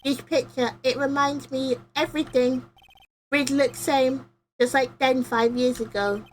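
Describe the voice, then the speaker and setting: A woman's voice: high voice, steady tone, measured pace, a little hiss or hum, voice pushed up. Woman putting on a timid childlike convict man. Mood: wistful.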